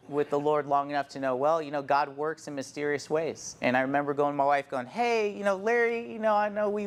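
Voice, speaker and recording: A man's voice: fairly high pitch, clean tone. A man in his thirties, a church planter, telling a heartfelt personal testimony in an earnest storytelling manner.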